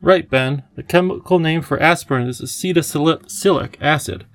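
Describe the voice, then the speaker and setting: A kindly, eccentric old professor, as a male reader puts him on, cheerful and fond of explaining things. The voice has a gravelly edge and sounds close and dry, as in a storybook reading. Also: a little high, moderate pace, fairly bright tone, dry recording.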